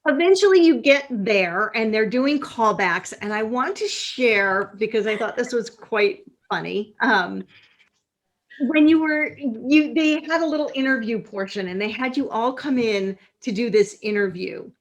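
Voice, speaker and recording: A woman's voice: a little high, measured pace. A woman from upstate New York hosting a podcast interview, chatting casually and reading passages aloud. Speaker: podcast host.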